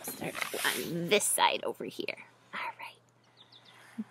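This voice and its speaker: A woman reading a picture book aloud to children, gently asking them questions along the way. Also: low voice, big pitch swings, extremely slow, vocal fry, long pauses, husky, no room sound, in a whisper.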